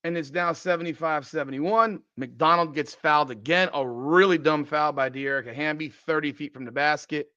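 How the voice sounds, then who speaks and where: A man's voice: fairly high pitch, moderate pace, hardly any pauses, sharp tone, no echo. A man hosting a podcast, giving blunt, profane, exasperated post-game basketball commentary. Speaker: podcast host. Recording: dry, slightly dull lo-fi sound.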